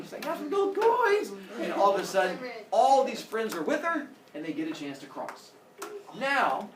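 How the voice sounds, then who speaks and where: Male teacher, lively storyteller, sound effects, roomy classroom heard from afar, noisy. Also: high voice. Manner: animated, acts out characters with sound effects. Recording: echoey classroom from far off.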